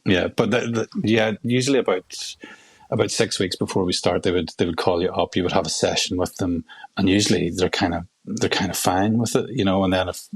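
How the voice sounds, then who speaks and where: Husky Belfast man telling stories. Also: low-pitched, no room sound. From Belfast, Northern Ireland. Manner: rapid, animated storyteller with many restarts. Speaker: actor guest. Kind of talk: casual interview chat.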